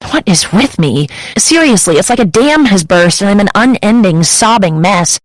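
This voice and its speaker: A woman's voice: mid-range voice, lively intonation, normal speed, no room sound, rough recording. A woman reading a first-person romance audiobook in an intimate, emotive way on a close studio mic. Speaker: audiobook narrator.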